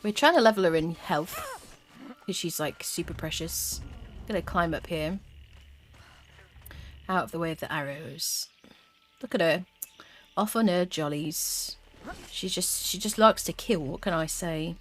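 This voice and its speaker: A woman's voice: on the low side, a little slow, pauses often, a little hiss or hum. A woman streaming a game, chatting casually with her viewers and humming little tunes as she plays. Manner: chatty, talks to chat, hums little tunes. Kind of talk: casual live gameplay commentary.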